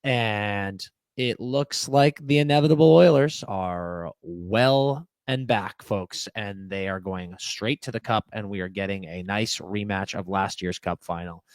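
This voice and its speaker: A young man co-hosting a casual sports podcast, talking fast and heated with frequent restarts and swearing. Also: on the low side, no echo. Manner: animated, swearing, quick restarts. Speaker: podcast co-host. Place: podcast studio.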